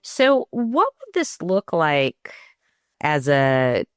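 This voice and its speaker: A middle-aged woman speaks in a notably low voice at an unhurried, deliberate pace. She is co-hosting a relaxed parenting conversation, reflective in tone, and she sometimes acts out quoted lines in livelier voices. The sound is close and dry. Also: clean tone, no room sound. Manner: reflective, tells stories with animated quoted voices. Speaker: podcast co-host.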